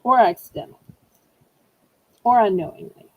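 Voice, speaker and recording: A woman's voice: medium pitch, expressive, normal speed, phone-quality sound. A woman with a Southern US accent running a live online auction, chatty and playful, teasing herself as she sells. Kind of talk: live-stream auction chat.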